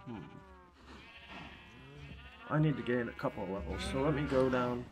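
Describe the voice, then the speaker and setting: A man casually commenting on his game, rambling between thoughts and coaxing game animals in a higher sing-song voice, chewing a cough drop as he talks. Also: moderate pace, background noise. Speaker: gameplay commentator.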